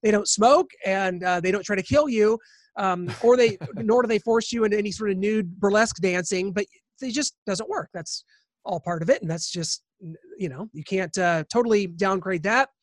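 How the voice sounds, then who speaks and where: A man's voice: high voice, normal speed, no echo. A male podcast co-host talks through a dating story in a loose, meandering way. He circles back on his own sentences as he goes. The sound is close and dry. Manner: rambling, with many fillers and restarts. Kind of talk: casual storytelling chat.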